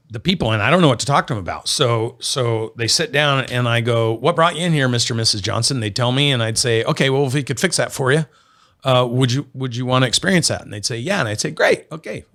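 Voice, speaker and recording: A man's voice: medium pitch, no room sound, clean studio sound. A middle-aged man from Oregon, a business guest in an interview, telling stories and acting out the dialogue. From Oregon, USA. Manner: animated storyteller, acts out quoted dialogue. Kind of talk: storytelling interview.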